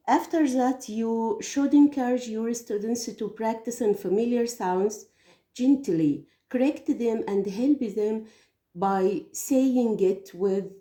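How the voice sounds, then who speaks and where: A woman's voice: medium pitch, mellow. A woman whose first language is Arabic gives English teaching tips, explaining carefully with some hesitations. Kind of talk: teaching tips, spoken lesson. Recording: echoey room.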